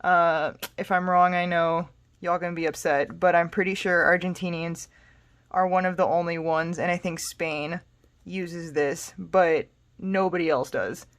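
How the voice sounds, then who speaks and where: A woman from the United States teaching a casual spoken language lesson, explaining step by step in a patient, relaxed way with frequent fillers. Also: on the low side, a little slow. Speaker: Spanish tutor.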